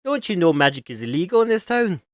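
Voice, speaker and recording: A man putting on a gruff guard. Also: high voice, very animated, fast, dry recording, voice pushed up. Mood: suspicious.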